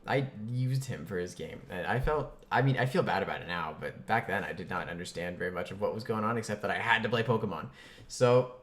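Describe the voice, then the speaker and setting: A man casually telling a comic childhood story, chatty and animated, with lots of fillers and bursts of mock outrage. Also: sits low, fairly quick.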